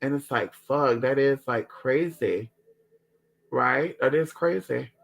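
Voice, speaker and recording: A man telling family stories in a casual chat, animated and profane. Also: mid-range voice, takes it slowly, creaky. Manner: animated, profane, dramatic, calls listeners girl. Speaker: storyteller.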